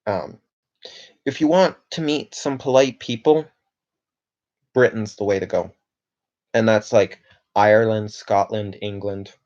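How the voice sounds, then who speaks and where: A man's voice: fairly low pitch, unhurried, long pauses, darkish tone, muffled recording. A young man from Canada chatting casually on a livestream, rambling and reading viewer comments aloud with lots of fillers. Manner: rambling, reads chat aloud, filler-heavy.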